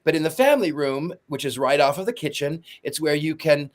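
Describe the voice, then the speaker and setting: A man's voice: fairly high pitch, animated, a little fast. A man co-hosting a podcast who explains with enthusiasm and wanders into long asides. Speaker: podcast co-host. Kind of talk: casual chat.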